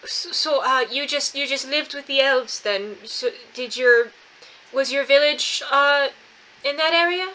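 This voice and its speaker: High bright unhurried woman role-playing. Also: rough recording. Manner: hesitant, laughing, unhurried. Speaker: tabletop player voicing a princess. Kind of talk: in-character tabletop role-play.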